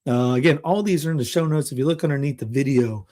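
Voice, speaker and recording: A man from Toronto hosting a casual political commentary show, rambling and excitable, often restarting and laughing. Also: mid-range voice, fast talker. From Toronto, Canada. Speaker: podcast host.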